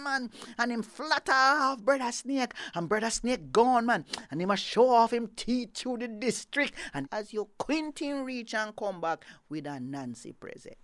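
Jamaican lady telling an anansi story, goes whispery then loud, dry sound. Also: lowish voice, no echo. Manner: lively, dramatic, shifts into hushed whispers. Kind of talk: Anansi folk tale storytelling in patois.

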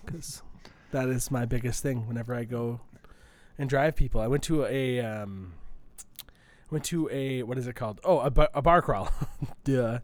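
A man's voice: medium pitch, moderate pace. A man with a Minnesotan accent co-hosting a casual chat while tasting sodas, chatty and playful. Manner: chatty, playful, laughs easily. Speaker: co-host.

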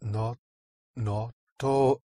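A man student in a Spanish lesson, giving careful, halting answers. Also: medium pitch, fairly even intonation, mellow, dry recording, clean studio sound.

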